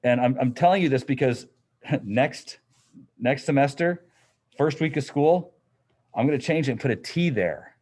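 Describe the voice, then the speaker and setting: A man's voice: medium pitch, moderate pace, darkish tone. A middle-aged man teaching a physics class in a classroom, explaining in a casual, conversational way. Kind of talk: classroom lecture.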